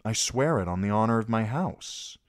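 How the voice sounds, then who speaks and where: A man's voice: fairly low pitch, expressive, normal speed, no room sound, clean studio sound, pitched above the performer's own voice, natural voice. A man voicing a shy, polite boy squire and young lord in a storybook reading, earnest and a little hesitant.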